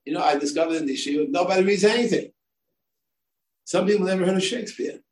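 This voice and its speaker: Older rabbi lecturing in a roomy space. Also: male voice, sits high, fast talker, darkish tone. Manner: discursive, many fillers and asides. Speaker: rabbi and yeshiva head. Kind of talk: Torah lecture. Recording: echoey room, distant mic, faint ambience.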